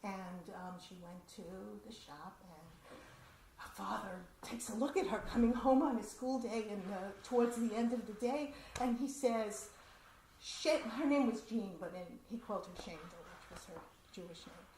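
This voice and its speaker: A woman performing a personal story at a community event, with a chatty, animated telling and asides. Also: mid-range voice, normal speed. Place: community center hall. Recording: roomy hall with faint noise.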